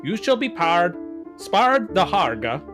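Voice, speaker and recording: A man's voice: high-pitched, very animated, slow, music in the background, full character voice. A man putting on a mock Swedish accent to play a solemn cult ritual narrator, hamming up a comic podcast outro. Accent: put-on Swedish.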